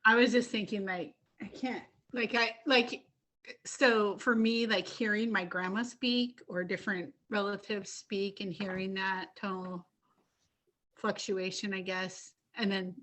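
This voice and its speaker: A woman student asks her teacher a question, circling around it with many "like"s. Her voice is bright and clear, at an ordinary pitch. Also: fairly even intonation, unhurried. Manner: rambling, full of "like". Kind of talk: asking a question in class.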